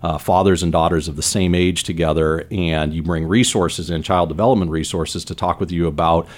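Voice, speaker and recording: Man, 40s, from San Diego, very deep voice, earnest rambling interview guest. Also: steady tone, brisk. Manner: earnest, rambling with many "you know" fillers. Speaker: business leader guest. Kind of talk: conversational interview storytelling.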